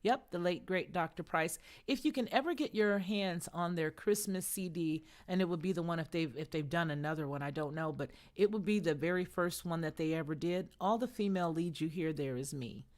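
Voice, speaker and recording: Woman host, middle-aged, low voice, casual emphatic live-stream talk with viewers. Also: a little fast, hardly any pauses, darkish tone. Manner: conversational, emphatic, answers viewer comments.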